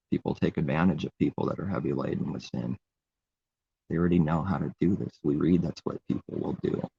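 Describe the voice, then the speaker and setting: A man's voice: extremely low pitch, creaky, breathy edge, dull audio. A man giving an informal, rambling sermon in a conversational way. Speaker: preacher. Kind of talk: informal live-stream sermon.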